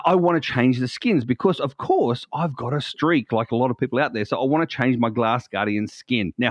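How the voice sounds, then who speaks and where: A man hosting a podcast in casual, playful chat, animated and teasing. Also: medium pitch, dry recording. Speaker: podcast host. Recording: dull, dry lo-fi sound.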